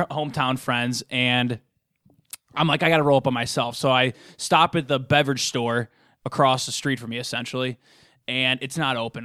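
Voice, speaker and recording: A man's voice: medium pitch, sharp tone, dry recording, clean studio sound. A young man telling a self-mocking story to friends in casual chat. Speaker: podcast co-host.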